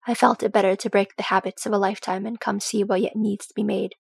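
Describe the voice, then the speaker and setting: A woman's voice: mid-range voice, little pitch movement, fast, vocal fry, slightly rough, no echo. A woman voicing a practical dwarf queen who works as a smith, with a dry, wry manner in a storybook reading.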